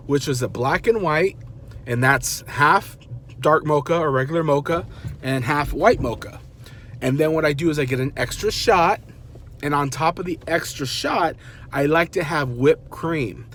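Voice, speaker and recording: A man in his thirties telling a story in a casual, animated, self-mocking way and acting out the people he quotes. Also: fairly high pitch, normal speed, slight background noise. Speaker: vlogger dad.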